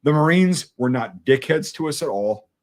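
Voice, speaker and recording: A man's voice: fairly high pitch, normal speed. A man from Wisconsin, a military veteran, telling a war story in casual chat, swearing freely and acting out what each person said. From Wisconsin, USA. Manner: profane, animated, acts out quoted dialogue.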